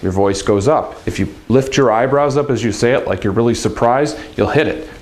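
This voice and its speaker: A man's voice: mid-range voice, moderate pace, a little mellow. A man teaching a casual video language lesson in an upbeat, chatty way.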